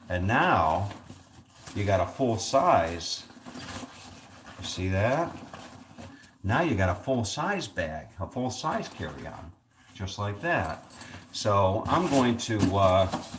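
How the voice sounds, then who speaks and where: A man chatting casually to camera, rambling and filling pauses with "you know" and "uh". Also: low voice. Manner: chuckling storyteller. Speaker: vlogger.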